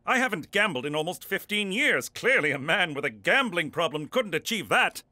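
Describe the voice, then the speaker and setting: A man's voice: high-pitched, big pitch swings, normal speed, pushed and bright, dry recording, full character voice. A man voicing a formal, over-earnest male Mountie and reformed gambler in an adult cartoon. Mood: confident. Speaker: lead character and narrator.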